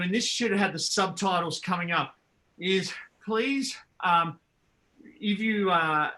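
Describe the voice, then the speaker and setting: A high, bright-toned man leads a lively call-and-response warm-up over a video call. He chants repeated action words in a rhythmic, energetic way, like a coach getting a group moving. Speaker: physical education workshop presenter. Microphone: video call computer mic.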